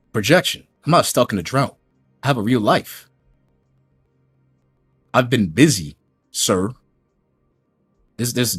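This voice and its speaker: This gaming YouTuber tears into a critic's clip in a scornful, confrontational reaction rant. His lowish voice is husky and slightly bright, captured as clean studio sound with no echo.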